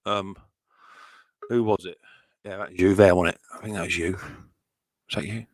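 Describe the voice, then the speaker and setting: A man's voice: low voice, fairly even intonation, moderate pace, no room sound. A middle-aged man hosting a live stream from home, chatting cheerfully with viewers and reading their comments aloud. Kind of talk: casual live stream chat.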